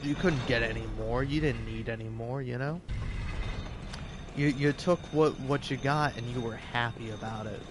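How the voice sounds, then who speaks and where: A man rambles through gameplay commentary, sarcastic and swearing freely as he talks to himself. His voice sits at an ordinary middle pitch. Steady background noise runs under the recording. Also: normal speed. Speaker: gaming video creator.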